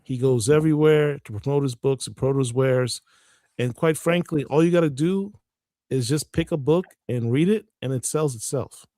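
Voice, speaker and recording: Male co-host, mid pitch, earnest and measured, dry close mic. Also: mellow, dry recording. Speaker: podcast co-host. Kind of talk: casual chat.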